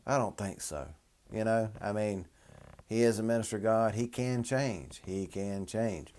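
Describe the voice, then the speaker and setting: A man's voice: on the low side, darkish tone. A man, a minister hosting a show, commenting on a news article in a wry, chatty, sardonic way.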